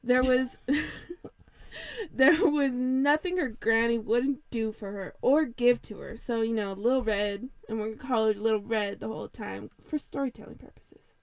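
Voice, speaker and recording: A woman's voice: on the high side, measured pace, no room sound. A young woman co-hosting a podcast, telling a fairy tale in a chatty, giggly way with lots of ums. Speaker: podcast co-host. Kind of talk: casual storytelling chat.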